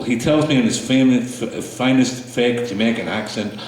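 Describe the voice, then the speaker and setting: A man performing his spoken word poetry to a small audience, slow and halting between pieces, with fillers and restarts. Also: mid-range voice. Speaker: poet performing his work. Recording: echoey room, mic far off.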